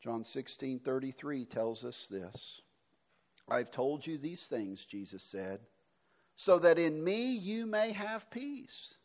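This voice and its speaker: A male pastor, middle-aged, preaching a sermon, moving between emphatic lines and soft, hushed passages. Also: medium pitch, very animated, takes it slowly.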